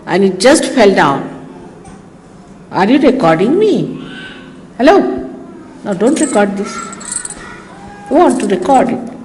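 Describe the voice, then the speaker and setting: A woman's voice: mid-range voice, sing-song, unhurried, pauses often, a little mellow. A woman with an Indian English accent giving an informal spiritual talk, telling anecdotes in a chatty, teasing way. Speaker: spiritual teacher. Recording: echoey hall, faint hiss, 1980s archive recording.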